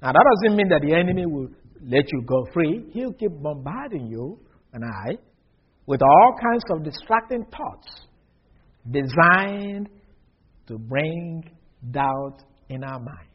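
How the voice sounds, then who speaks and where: Husky animated male preacher, lo-fi. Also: a little high, slow. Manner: animated, acts out dialogue with big swings from loud to very soft. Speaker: pastor. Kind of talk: sermon.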